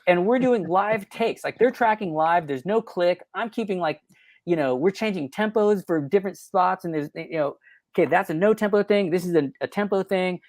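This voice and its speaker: A man's voice: sits high, moderate pace, no room sound. A man in his forties, a record producer guest on a podcast, telling stories in a rambling way full of fillers and self-corrections. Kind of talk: casual interview storytelling.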